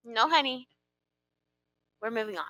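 A woman co-hosting a podcast in casual chat, animated and mock-offended. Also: a little high, measured pace, no room sound, lo-fi sound. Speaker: podcast co-host.

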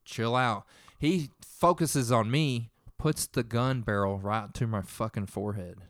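A man's voice: mid-range voice, unhurried, no room sound, studio quality. A young man casually retelling a tense story in a profane, rambling way.

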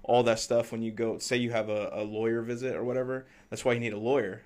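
A man's voice: mid-range voice, flat delivery, fast, a little mellow. A man co-hosting a podcast, talking in a rambling, hesitant way with crude jokes during a casual political chat. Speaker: podcast co-host.

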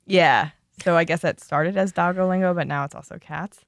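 A woman's voice: lowish voice, normal speed, vocal fry, dry recording, studio quality. A young woman co-hosting a casual chat, reading from an article with easy fillers and asides. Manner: relaxed, reads notes with fillers. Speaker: podcast co-host.

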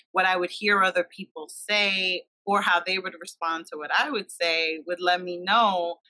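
A woman's voice: fairly low pitch, pushed and bright, no echo, rough recording. A woman in her thirties hosting a podcast, talking in a reflective, thoughtful way. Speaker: podcast host. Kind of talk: casual conversation.

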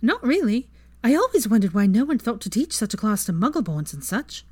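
A woman's voice: on the high side, big pitch swings, fairly quick, darkish tone, husky, no room sound, voice pushed up. A woman voicing an easygoing, upbeat young witch, matter-of-fact in tone, in a fan fiction reading.

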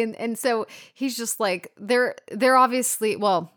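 A woman co-hosting a casual film discussion podcast, animated and swearing freely as she retells scenes. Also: fairly high pitch, measured pace. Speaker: podcast co-host.

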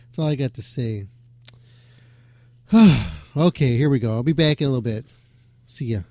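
A man's voice: mid-range voice, normal speed, dark tone, dry recording, studio quality. A man hosting a rock radio show, talking casually with loose jokes and swearing. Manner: loose, swearing, joking asides. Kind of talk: casual rambling radio talk.

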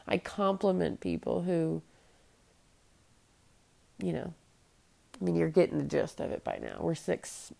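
Speaking with a creaky, warm, lowish voice, this late-30s woman vents on her solo podcast. As host, she's blunt and profane about her frustrations.

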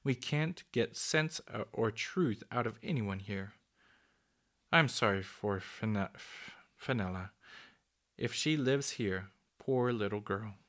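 Cross young boy, read by a man, near-natural voice, bright tone, storybook. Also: lowish voice, slow. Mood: plain. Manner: plain, slightly gloomy delivery. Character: young boy Peter, bold and easily cross.

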